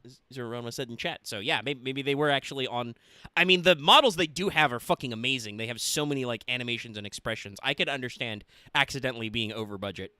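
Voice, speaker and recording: A man's voice: medium pitch, quick pace, clean tone, no room sound. A man co-hosting a let's play stream, joking and commenting casually while reading game text. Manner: animated, joking, reads lines aloud.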